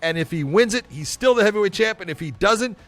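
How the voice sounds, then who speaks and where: Blunt high-voiced man co-hosting. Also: animated, fast talker, music in the background. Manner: blunt, emphatic opinions. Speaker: podcast co-host. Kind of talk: casual sports chat.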